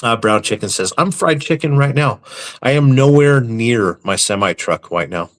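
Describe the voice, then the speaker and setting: Deadpan man reading live chat aloud. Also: medium pitch, normal speed. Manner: deadpan, crude jokes, mock-serious. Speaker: livestream host reading chat. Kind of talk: casual live-stream banter.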